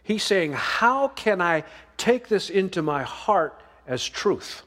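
A man's voice: high-pitched, very animated, takes it slowly, a bit bright, big-room sound. A man preaching a sermon as pastor, folksy and emphatic, drawing out the verses he reads.

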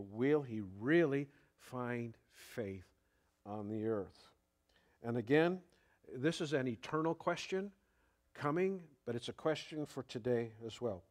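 A man preaching a sermon in an unhurried, conversational way, with fillers and the odd chuckle. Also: medium pitch. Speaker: pastor.

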